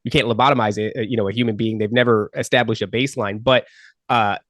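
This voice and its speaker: A man's voice: fairly low pitch, steady tone, fast talker, fairly bright tone, no room sound, studio quality. A man who is a podcast guest, arguing his point and building a case. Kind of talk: casual podcast conversation.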